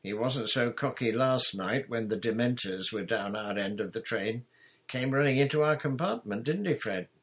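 A man reading aloud, voicing a calm, wry teenage boy who speaks bracingly to a friend. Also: mid-range voice, normal speed, breathy edge, voice pushed up.

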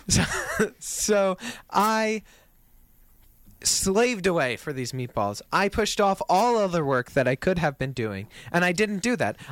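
A man's voice: a little high, dry recording. A young man in his twenties co-hosting a radio show, telling a story in casual chat and acting out the quotes. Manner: animated storyteller, acts out quotes, laughs often.

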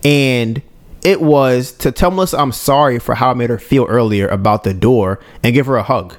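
At moderate pace and medium pitch, a man co-hosting a podcast tells a personal story in a relaxed, conversational way. He keeps looping in his listeners and animatedly performs both his own dialogue and other people's.

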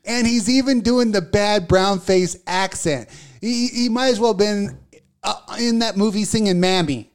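Mouthy male co-host, profane and ranty, slightly high voice. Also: moderate pace, smooth. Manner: profane, ranting, laughing. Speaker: podcast co-host. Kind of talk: casual comedic rant.

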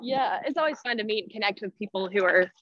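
A woman in her thirties speaks at a quick pace with medium pitch, lively intonation, a slightly bright tone and no echo. Guesting on a podcast as a personality-type teacher, she's out of breath and casual, full of fillers and restarts. The recording sounds dull, dry and lo-fi.

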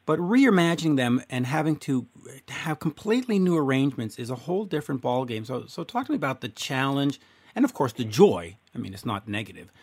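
A man hosting an interview, talking in an enthusiastic, rambling way and telling stories with animated asides. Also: mid-range voice, brisk, breathy edge. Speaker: radio interviewer host. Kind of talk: casual interview chat.

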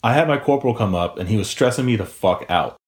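On a podcast, a young male co-host launches into a lengthy, casual anecdote full of profanity and acted-out quotes. He speaks fast in a lowish voice, animated throughout.

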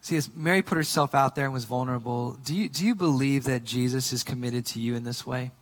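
A male pastor preaching a sermon in a casual, conversational way, moving between quiet earnest points and lively storytelling. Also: mid-range voice, quick pace, in a large hall.

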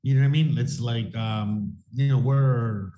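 A man in casual chat about coins, rambling and profane. His voice is mellow and dark, at a middle pitch. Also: unhurried. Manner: rambling, profane, full of "you know what I mean". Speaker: co-host of a crypto livestream.

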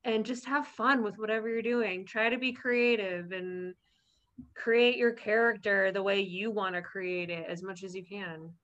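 A woman's voice: mid-range voice, steady tone, unhurried, fairly bright tone, dull audio. A woman guest on a podcast, chatting casually and laughing often over a remote call. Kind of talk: casual interview chat. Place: at home in a fire warning zone.

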